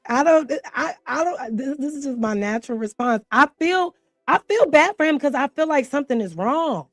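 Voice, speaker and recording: A woman's voice: high-pitched, animated, moderate pace, a bit bright, no room sound, clean studio sound, faint music behind. Candid, outspoken woman host commentating. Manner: candid, laughing, swears freely. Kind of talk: casual commentary.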